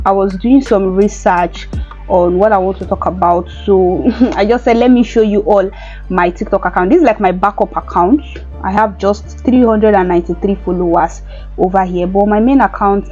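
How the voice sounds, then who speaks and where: A woman's voice: medium pitch, normal speed, warm tone, highs cut off, faint music behind. A young woman, chatting casually and giggly in a home vlog. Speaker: vlogger.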